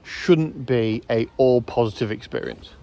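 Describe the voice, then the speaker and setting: A man's voice: mid-range voice, unhurried, dark tone, muffled recording. Rambling male vlogger talking outdoors. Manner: rambling, self-correcting, hesitant fillers. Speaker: YouTube host. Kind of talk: casual rambling commentary.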